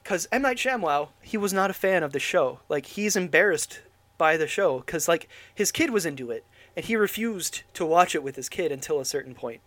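A man's voice: on the high side, expressive, a little fast, a bit bright, no echo. A man ranting in an exasperated, casual way as he reviews a film with a co-host, often restarting his sentences.

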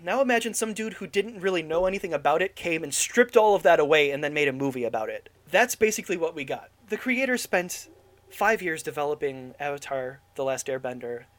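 A man's voice: on the high side, fairly bright tone, no echo. A man ranting in an exasperated, casual way as he reviews a film with a co-host, often restarting his sentences.

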